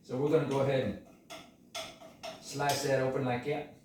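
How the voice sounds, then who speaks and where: A man's voice: mid-range voice, flat delivery, normal speed. A man chatting in a folksy way as he walks through cooking a dish step by step in his kitchen. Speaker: home cook. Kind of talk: casual cooking demonstration. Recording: echoey room, mic far off, cooking noise.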